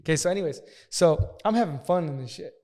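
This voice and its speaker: A man casually telling a profane story as a podcast guest, talking fast and acting out the people in it. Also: on the high side, lively intonation, darkish tone. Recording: long hall reverb.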